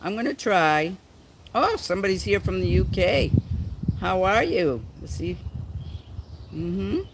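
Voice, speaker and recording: A man from the United States hosting a casual livestream chat, reading viewer comments slowly and halting often, with a playful, theatrical, diva-like manner. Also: sits high, expressive, gravelly, noisy background. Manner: slow and halting when reading comments, many ums. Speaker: livestream host.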